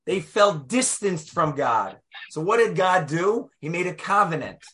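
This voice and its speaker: A man teaching a lively Torah class, emphatic and acting out the voices in the text. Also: sits high, unhurried. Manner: animated, emphatic, acts out voices and quotes.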